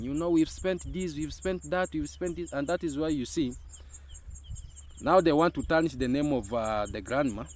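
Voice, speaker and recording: Young Kenyan man with a Kenyan accent, mid-pitched, emphatic online commentator who circles back to repeat his points. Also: a little hiss or hum. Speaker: YouTube commentator. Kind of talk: casual commentary monologue.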